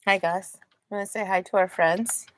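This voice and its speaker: A woman preschool teacher reading a picture book aloud to young children, animated and asking them questions. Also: medium pitch, normal speed, a little hiss or hum.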